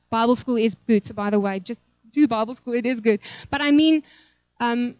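A woman's voice: on the high side, a little mellow, no room sound. A woman, a pastor's wife, telling an emotional, rambling church testimony. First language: Afrikaans.

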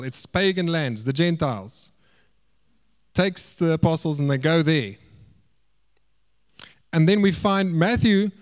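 A man preaching a sermon in a lively, animated way. He lifts his voice high and loud for emphasis, then drops to hushed, low asides.

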